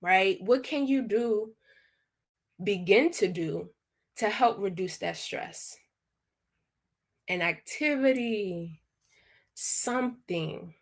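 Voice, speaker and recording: A woman's voice: on the low side, vocal fry. A woman hosting a live online wellness workshop, chatty and encouraging as she reads out answers from the chat.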